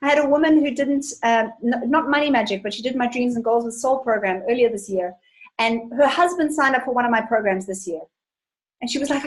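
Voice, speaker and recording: Brief: bubbly woman webinar host, slightly high voice, chatty and enthusiastic, tells stories. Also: animated, a little fast, rough recording. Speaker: money coach hosting a webinar. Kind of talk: live webinar Q&A, reading out viewer questions.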